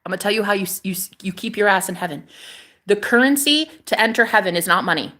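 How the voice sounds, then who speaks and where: A woman's voice: mid-range voice, animated, fast talker, bright, forceful tone. A woman talking to camera in a sassy, profane spiritual vlog, calling viewers honey and repeating phrases for emphasis. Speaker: spiritual vlogger. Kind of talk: casual spiritual monologue to camera.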